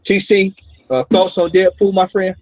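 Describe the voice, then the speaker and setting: Dude hosting a comic chat, kinda husky, a bit high, lo-fi audio, keeps repeating himself. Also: male voice, moderate pace, no echo, soft background music. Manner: animated, laughing, repeats words often. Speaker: podcast host. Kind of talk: casual roundtable chat. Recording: dull lo-fi recording.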